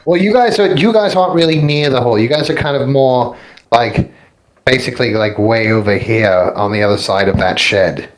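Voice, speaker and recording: A man's voice: medium pitch, normal speed, poor audio. A man narrating as dungeon master, describing scenes in a rambling, self-correcting way. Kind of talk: narrating a tabletop game.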